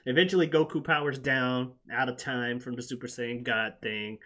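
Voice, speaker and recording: A man's voice: mid-range voice, fairly even intonation, normal speed, fairly bright tone. A man hosting a casual recap chat, laughing often and swearing freely as he retells episodes. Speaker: podcast host.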